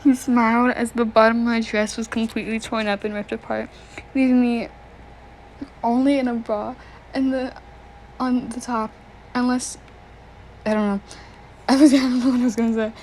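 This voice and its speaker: A woman's voice: on the high side, level tone, moderate pace, pauses often, darkish tone, slight background noise, rough recording. A young woman reading fan fiction aloud, often breaking off to giggle, react and joke. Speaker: story reader.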